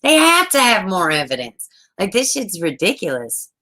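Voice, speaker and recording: A woman, chatting on a true crime livestream from home, rambling, excitable and swearing often. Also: medium pitch, normal speed, poor audio. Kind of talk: casual livestream chat.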